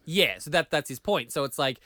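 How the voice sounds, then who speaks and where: A man's voice: fairly high pitch, animated, a little fast, pushed and bright, no echo, clean studio sound. A man co-hosting a podcast, chatting casually with restarts and frequent laughs. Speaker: podcast co-host. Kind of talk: casual chat.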